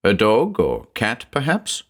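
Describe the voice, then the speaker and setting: A man's voice: fairly low pitch, huge pitch swings, a little slow, a bit bright, heavily acted. A man voicing an earnest medieval village priest who speaks with a solemn, reassuring manner. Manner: solemn, reassuring, forced cheer.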